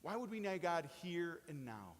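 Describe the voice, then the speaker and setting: A man preaching a sermon as pastor, dropping soft for quotes and rising with excitement. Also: fairly high pitch, normal speed. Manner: swings between hushed quoting and rising excited emphasis. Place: church sanctuary. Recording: long hall reverb.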